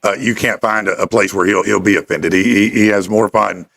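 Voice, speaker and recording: A man's voice: fairly low pitch, fairly even intonation, a little fast, gravelly, fairly bright tone. Joking man hosting an interview. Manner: joking, laughs often. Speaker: show host. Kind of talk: casual interview chat.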